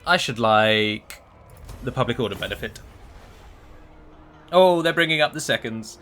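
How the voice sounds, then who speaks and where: Bright-voiced man commentating a strategy game. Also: mid-range voice, lively intonation, unhurried. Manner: chatty, wry, addresses viewers directly. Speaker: gameplay commentator. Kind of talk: casual let's-play commentary.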